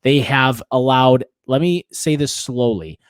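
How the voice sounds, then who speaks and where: On a laid-back fantasy football podcast, a co-host speaks a little slowly in a clear, resonant, medium-pitched voice with no echo. He wanders off on tangents and playfully corrects himself.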